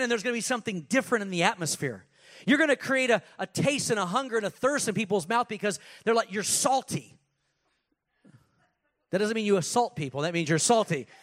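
Pastor, male, high voice, energetic sermon with casual asides. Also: brisk.

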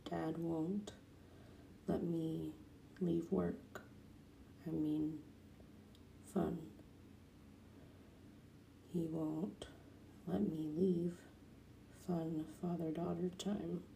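A woman quoting a reluctant, flat-voiced teenage girl in her own slow, low voice. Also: vocal fry, slight background noise, full character voice.

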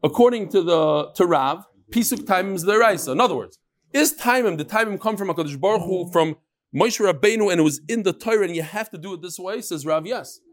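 A man's voice: sits high, lively intonation, fast. A man, teaching a Talmud class and telling stories with Hebrew and Yiddish terms.

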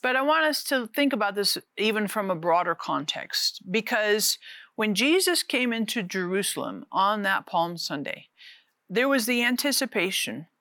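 A woman preaching a casual, conversational sermon, animated and often repeating words. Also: medium pitch, normal speed, dry recording.

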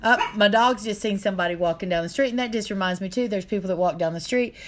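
A woman's voice: medium pitch, fast talker, noisy background. A middle-aged woman, telling a painful story in an earnest, aggrieved way. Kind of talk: casual chat.

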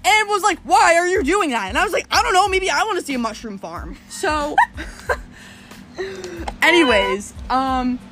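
A young woman telling a story in casual chat, animated and swearing as she talks. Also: sits high, a little slow, faint music behind. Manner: animated, swearing, laughing often.

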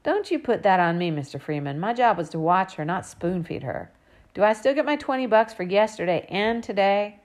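Woman doing a loud bossy teen girl. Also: medium pitch, lively intonation, normal speed, lightly acted. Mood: complaining.

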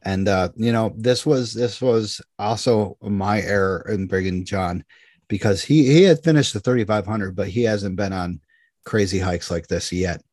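A man's voice: fairly low pitch, normal speed, dry recording, clean studio sound. A man co-hosting a casual chat, telling an outdoor story with energy and acting out what people said. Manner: animated, acts out dialogue in anecdotes.

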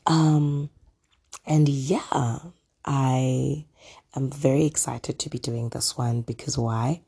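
A podcast host chatting casually on their own, hoarse from a throat illness, rambling with lots of ums and asides. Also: mid-range voice, steady tone, slow, dark tone. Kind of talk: casual solo podcast chat. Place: at home.

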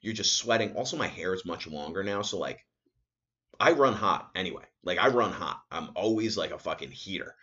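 A man's voice: deep voice, brisk, lo-fi sound. A young man hosting a solo podcast, telling rambling, profane stories and acting out other people's lines. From New York area resident. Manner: rambling, profane, animated storytelling with acted-out quotes. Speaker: podcast host. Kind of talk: casual solo podcast monologue.

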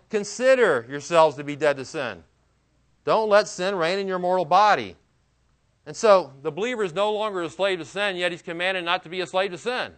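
A man preaching a sermon, his voice sitting a little high for a man. He speaks earnestly and with emphasis, breaking off into casual asides and questions to his listeners. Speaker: pastor.

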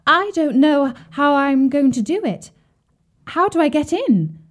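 A woman's voice: sits high, very animated, unhurried, pitched above the performer's own voice. A woman voicing a frightened little girl who pleads tearfully. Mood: feigning.

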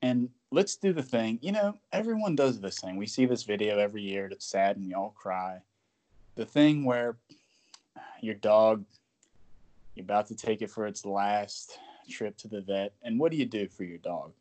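A man co-hosting a sports podcast, talking in a joking, animated way and sometimes dropping to a whisper. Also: lowish voice, brisk. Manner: animated, jokey, drops to a whisper at times. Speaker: podcast co-host. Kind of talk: casual sports podcast chat.

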